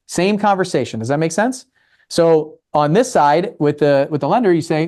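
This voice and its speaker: A man from Maryland with a slightly high voice gives a casual talk on real estate. He keeps slipping into acted-out lines, playing both himself and the investors he talks to. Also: a little fast, a little mellow. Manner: acts out both sides of conversations.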